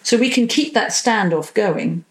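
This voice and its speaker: A woman therapist talking in a podcast interview, animated, acting out quoted voices and swearing casually. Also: medium pitch, a little slow, poor audio. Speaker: psychosexual and relationship therapist, podcast guest.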